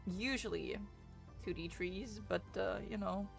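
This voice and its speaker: A young woman with a gravelly, fry-laden voice runs a laid-back book stream. She chats loosely and curses often, and faint music plays underneath. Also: medium pitch, measured pace. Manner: chatty, swears freely, greets chat excitedly. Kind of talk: casual livestream chat.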